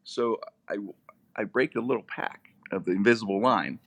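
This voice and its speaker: A middle-aged man, a radio personality, telling comic stories in a lively, animated way. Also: moderate pace, vocal fry. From Pittsburgh area, USA. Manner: lively, comic, with big swings in pitch. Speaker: radio personality and podcast host, guest. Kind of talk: animated storytelling.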